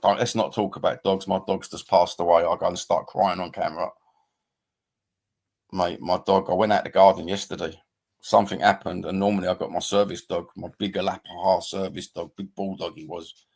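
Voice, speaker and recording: A man's voice: low voice, little pitch movement, a little fast, creaky, a little mellow. A man, chatting casually on a livestream and reading out viewer comments. He rambles bluntly, swears freely and calls people mate and bruv. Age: 50s. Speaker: livestream host.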